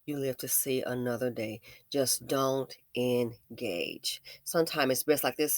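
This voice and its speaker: A woman's voice: rumbling low, unhurried, few pauses, no echo, clean studio sound. A woman giving commentary and advice straight to her viewers, emphatic and preachy. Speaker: vlogger, business owner.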